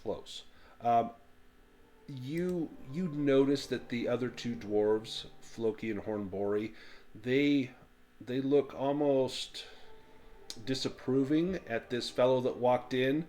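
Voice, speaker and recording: A man narrates a tabletop role-playing game as game master. His voice sits in a middle range, and he speaks in a halting way, often pausing on fillers as he describes the scene. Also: medium pitch, darkish tone.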